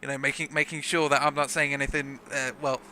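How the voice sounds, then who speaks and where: A young man from South Africa with a South African accent softened by British English, giving rambling, jokey commentary on a sim racing livestream. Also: mid-range voice, little pitch movement, fast, slight background noise. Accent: South African with some British English. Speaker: race commentator.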